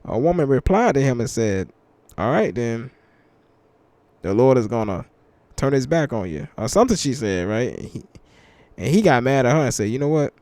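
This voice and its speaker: A young man giving casual reaction commentary in relaxed slang, slowing down when he reads verses aloud. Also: medium pitch, dry recording. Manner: laid-back slangy banter, reads scripture slowly. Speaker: commentary channel host. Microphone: headphones with mic.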